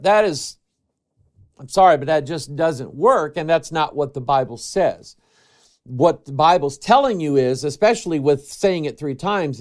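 Man preaching a conversational sermon, higher voice. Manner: earnest, shifts between loud emphasis and hushed reverence; reads scripture aloud and explains it.

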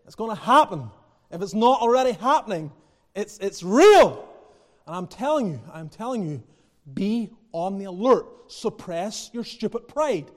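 Male preacher with a high voice, passionate and emphatic, builds to shouts and drops to quiet asides. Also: expressive, moderate pace. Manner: passionate, rising to near-shouting then dropping low; repeats phrases, chuckles. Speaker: pastor. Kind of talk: sermon.

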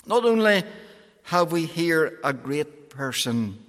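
Slow, high-voiced preacher in a hall. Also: male voice, sing-song, a bit bright. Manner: slow, emphatic pleading with soaring and falling phrases. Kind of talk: evangelistic sermon. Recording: long hall reverb.

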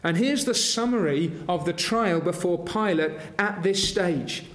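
Slow, high-voiced preacher in an echoing hall. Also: male voice, animated. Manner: earnest, rhetorical questions to the congregation. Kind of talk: sermon.

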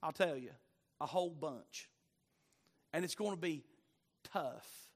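A man's voice: fairly high pitch, animated, slow. A man reading scripture and then preaching a sermon, building his points with surging emphasis and sudden swells in volume.

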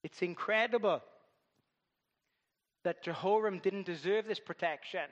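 A man's voice: extremely high pitch, bright, forceful tone, long reverb tail. A man preaching a sermon, telling the story with animation and acting out voices.

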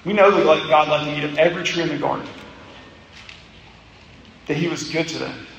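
A man's voice: on the high side, normal speed, vocal fry, fairly bright tone, a little hiss or hum. A man preaching a sermon as pastor, leading through a passage with rhetorical questions, in a church sanctuary. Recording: echoey hall, distant mic.

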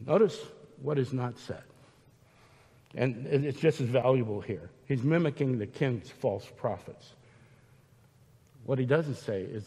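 A man's voice: medium pitch, measured pace, long pauses, warm tone, slightly rough, long reverb tail. A man preaching a sermon, emphatic and retelling scripture scenes with voices.

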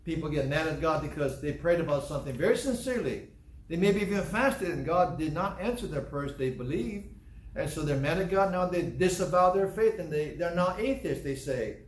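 A man preaching a sermon, earnest and deliberate, repeating key phrases slowly for emphasis. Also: a little high, animated. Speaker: pastor. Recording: echoey room with faint background noise.

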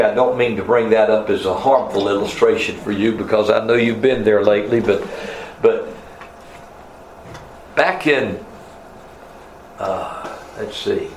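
Male preacher, mid pitch, sermon delivery, echoey hall with faint noise. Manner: rises in pitch for emphasis, quotes scripture in old wording. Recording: roomy echo, faint room noise.

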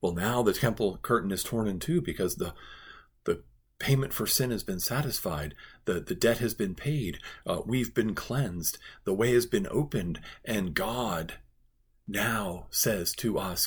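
A man's voice: on the low side, expressive, a little slow, breathy edge. A male pastor giving an earnest devotional Bible teaching, stressing points by repeating phrases.

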